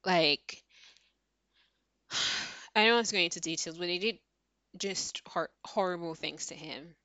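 A woman's voice: lowish voice, a little slow, pushed and bright, no echo. A woman ranting casually about a book she read, heated and exasperated, swearing often, with many fillers. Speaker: book reviewer. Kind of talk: casual book review rant.

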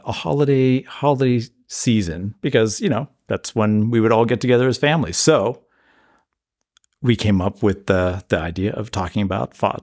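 A man co-hosting a podcast in casual chat, halting with many restarts. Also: medium pitch. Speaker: podcast co-host.

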